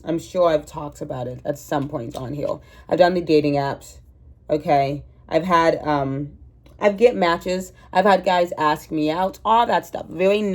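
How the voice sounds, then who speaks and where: Low, mellow woman with a cold. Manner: rambling, self-mocking, talks to viewers like a friend. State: sick with a cold. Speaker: vlogger. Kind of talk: casual chatty vlog. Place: at home indoors. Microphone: camera mic, no microphone.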